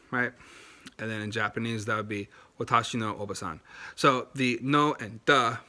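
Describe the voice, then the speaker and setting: A man's voice: fairly low pitch, pushed and bright. A young man chatting casually to camera about learning languages, in a loose, rambling way with many fillers and restarts. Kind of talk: casual explanatory talk to camera.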